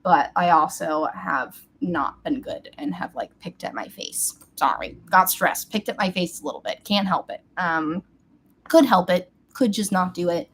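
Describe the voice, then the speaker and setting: A woman's voice: lowish voice, a little slow, fairly bright tone, slight background noise. Bubbly young woman chatting to webcam. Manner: chatty and bubbly, squeals at comments and her cat. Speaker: beauty vlogger. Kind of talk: casual get-ready-with-me chat.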